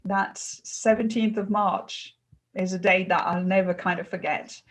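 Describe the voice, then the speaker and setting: A middle-aged woman from France with a French accent, speaking as an interview guest in an earnest, animated way, often laughing between phrases. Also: mid-range voice, unhurried, rough recording. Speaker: guest, customer experience consultant. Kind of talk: interview conversation.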